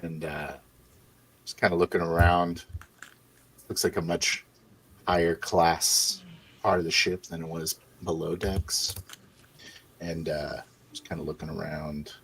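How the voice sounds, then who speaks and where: A man at a tabletop game, describing what his character does in a slow, hesitant way with many fillers. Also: low voice, level tone, gravelly, a bit bright, slightly rough. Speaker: player.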